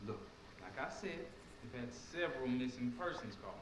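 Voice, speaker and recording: An actor voicing a suspicious, condescending police deputy in a horror game. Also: male voice, mid-range voice, animated, normal speed, close to an everyday voice. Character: suspicious, smug small-town deputy. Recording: echoey, distant, noisy game audio.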